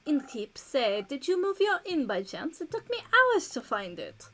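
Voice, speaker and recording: Lady putting on a fancy vampire with a fake french accent, all haughty and formal, kinda high. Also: very animated, a little slow, fairly bright tone, full character voice. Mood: grandly haughty. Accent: put-on French. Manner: grand, formal, haughty diction. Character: polite vampire patron with a put-on French accent.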